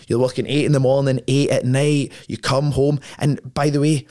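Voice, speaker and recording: A man's voice: medium pitch, level tone, normal speed, warm tone. A man speaking as a podcast guest in casual conversation, blunt and profane, often ending points with tag questions. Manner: frequent tag questions and restarts.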